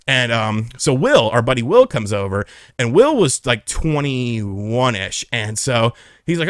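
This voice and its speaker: A man's voice: mid-range voice, sing-song, unhurried, dry recording. A young man casually telling a personal story, candid and profane, on a close mic. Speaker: vlogger.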